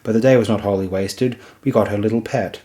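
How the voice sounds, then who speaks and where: Man doing a rasping brutal warrior. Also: lowish voice, fairly even intonation, a little fast, dark tone, close to an everyday voice. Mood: cruel.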